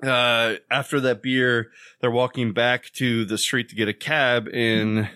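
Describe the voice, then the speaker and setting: A podcast co-host with a sharp, clean voice speaks in a level tone and measured pace as he tells a long joke, rambling casually and acting out the characters with jumps in pitch. The studio sound is clean, with no echo.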